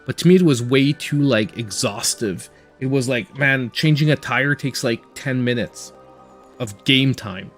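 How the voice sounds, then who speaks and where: A man with a Canadian accent hosts a casual let's-play, rambling through his commentary with lots of fillers. His voice sits at an ordinary middle pitch, and faint music plays underneath. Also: unhurried. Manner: rambling, filler-heavy chatter. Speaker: gaming channel host.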